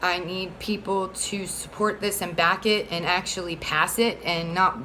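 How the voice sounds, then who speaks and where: Over a low-quality recording with slight background noise, a Florida single mother speaks in a lowish, bright, forceful voice at a measured pace with fairly even intonation. She rambles heatedly through a casual monologue, using many fillers as she earnestly begs for support of a bill.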